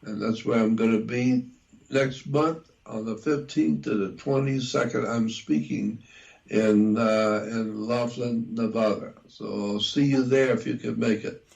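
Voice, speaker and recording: A man with a gravelly, creaky voice speaks as an interview guest. He talks very slowly and deliberately, spelling out words and repeating details so they stick. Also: mid-range voice, steady tone, a little mellow, dull audio. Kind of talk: conversational interview.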